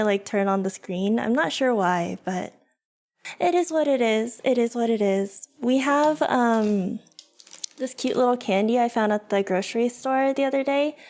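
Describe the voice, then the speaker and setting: A woman's voice: on the high side, darkish tone. A young woman streaming, chatting casually and giggling as she talks to her viewers and her dogs. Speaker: vtuber streamer. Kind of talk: casual livestream chat.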